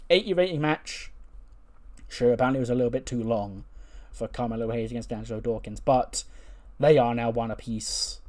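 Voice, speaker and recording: A man's voice: mid-range voice, a little fast, darkish tone. A male game commentator recaps a wrestling sim playthrough as a casual story. His delivery is chatty and loose, with a mid-range voice.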